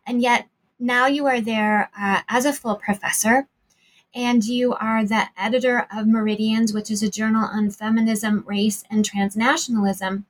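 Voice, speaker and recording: A woman podcast host asking thoughtful, measured questions. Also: a little high, steady tone, low-quality recording.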